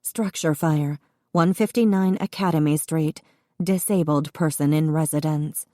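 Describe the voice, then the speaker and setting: Low mellow woman narrating an audiobook. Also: unhurried, no echo, studio quality.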